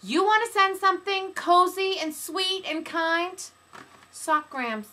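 A woman gushing excitedly as she unboxes and shows off a product on video, breaking into exclamations and sing-song bits. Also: extremely high pitch, unhurried. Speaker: video reviewer.

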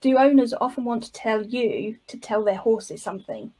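Woman, interview host, fairly high voice, brisk, a little hesitant. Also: dark tone, breathy edge, poor audio. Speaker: host reading audience questions. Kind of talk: interview questions.

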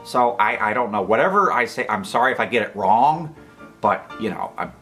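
A man's voice: on the low side, lively intonation, moderate pace, fairly bright tone, soft background music. An American man giving a comedic vlog monologue, rambling and over-the-top, often stopping himself mid-sentence. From United States. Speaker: YouTube commentator.

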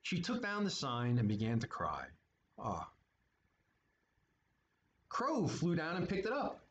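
Playful man reading to kids, animated lilting voice, echoey boomy room. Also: takes it slowly. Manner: playful, chatty asides, lively. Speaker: storytime reader at art studio. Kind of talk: children's read-aloud with asides. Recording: echoey room, muffled, faint hiss.

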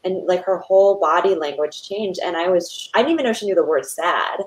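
A woman's voice: on the low side, a little fast, poor audio. A woman in her thirties hosting a conversational interview, enthusiastic and personal. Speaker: host.

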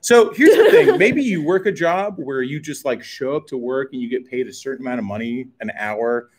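A man co-hosting a casual livestream, loud and joking, reading out viewer messages and swearing a lot. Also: medium pitch, sing-song, normal speed. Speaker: livestream co-host.

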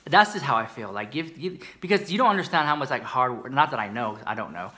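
Talking fast with lively intonation, a medium-pitched American man delivers bright, forceful beauty gossip to camera. As a YouTube commentator he's sassy and dramatic, chatting casually and calling the viewer "girl."

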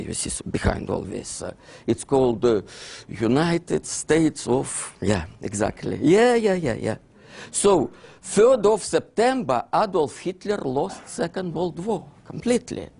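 A man with a Russian accent, not a native English speaker, giving an animated lecture, dropping articles and constantly checking in with "yeah?". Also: a little high, creaky, breathy edge. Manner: keeps asking "yeah?" to check his listeners; non-native grammar, drops articles.

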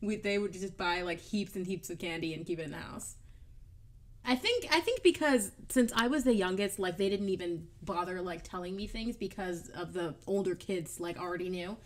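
Relaxed young woman, easy laughter. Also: on the low side, moderate pace. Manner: relaxed, laughs often, asks questions. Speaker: podcast co-host. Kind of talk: casual chat.

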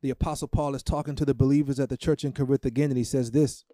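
A man preaching a sermon as pastor, emotional and emphatic, with dramatic pauses. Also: mid-range voice, level tone, warm tone, no room sound, studio quality.

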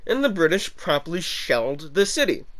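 A man's voice: fairly high pitch, very animated, normal speed, fairly bright tone. A man giving a casual, unscripted history commentary, hesitant and irreverent, often stopping to correct himself. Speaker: history video creator.

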